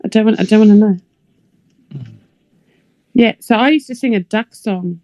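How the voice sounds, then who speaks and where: A woman co-hosting a podcast in casual chat, sarcastic and animated when telling stories. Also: medium pitch, moderate pace, no echo. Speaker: podcast co-host.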